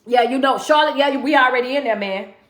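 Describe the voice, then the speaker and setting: A woman's voice: sits high, a little fast. A woman, a motivational speaker, hosting a casual livestream and calling out hyped greetings to her viewers. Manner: hyped, calls out to viewers by place. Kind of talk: casual livestream shout-outs. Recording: echoey room.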